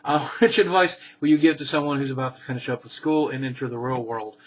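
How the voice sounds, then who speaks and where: A man's voice: medium pitch, fast. Man answering fan questions dryly. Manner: reads questions aloud then answers dryly and briefly. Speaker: vlogger answering viewer questions. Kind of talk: casual Q&A.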